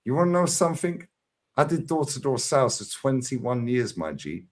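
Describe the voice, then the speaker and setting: A middle-aged man, mid-rant on a livestream debate. His pitch swings widely as he argues, punching out points and tagging them with a pushy "yeah?". The delivery is combative and relentless. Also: big pitch swings, moderate pace. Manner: combative, emphatic, constant "yeah?" tags. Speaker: fan channel streamer.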